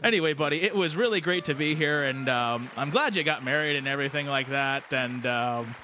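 A man's voice: a little high, brisk, sharp tone, faint music behind. A man co-hosting a podcast, rambling and teasing in a comedic persona. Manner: rambling, teasing, calls people buddy. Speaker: podcast co-host. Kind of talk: comedic chat in a silly persona.

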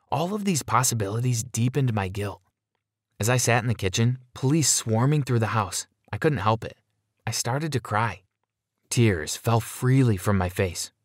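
A man's voice: mid-range voice, dry recording, studio quality. A man giving scripted first-person narration of a dramatic story in an earnest, dramatic storytelling manner.

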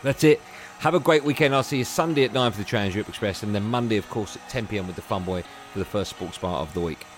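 A man's voice: lowish voice, fast talker, background noise. A man hosting a sports radio show, chatty and jokey. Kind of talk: casual radio chat.

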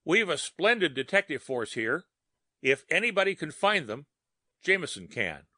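A man's voice: on the high side, very animated, normal speed, bright, forceful tone, no room sound, clean studio sound, voice pushed up, full character voice. A man doing a nervous, stammering desk clerk. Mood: worried. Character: pale, worried male hotel desk clerk.

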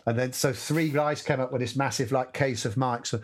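Medium in pitch and moderate in pace, the man barely pauses as he talks. He's a guest musical director in a relaxed, anecdotal chat, animatedly acting out the voices and noises in his stories.

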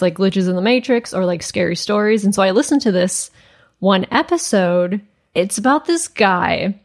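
Chatty woman telling a story. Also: medium pitch. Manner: chatty, many "like" fillers. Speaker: podcast co-host. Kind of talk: casual storytelling chat.

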